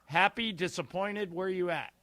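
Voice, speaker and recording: A man's voice: high voice, moderate pace, pushed and bright, no room sound. A male sports radio co-host asking questions in a casual, conversational way.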